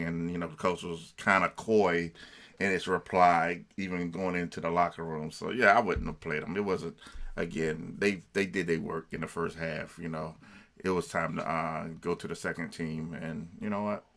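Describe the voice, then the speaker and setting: Man, very low voice, bright tone, casual agreeable sports co-host. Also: fairly even intonation, normal speed. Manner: agreeable, chatty, casual fan talk. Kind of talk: sports talk show.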